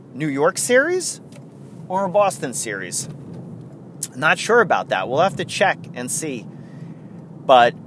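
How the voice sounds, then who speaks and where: A man's voice: medium pitch, a bit bright, slight background noise. A man hosting a podcast, talking casually in a rambling way that often breaks off and restarts. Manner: rambling, self-interrupting, chuckling. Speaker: podcast host. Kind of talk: casual solo chat.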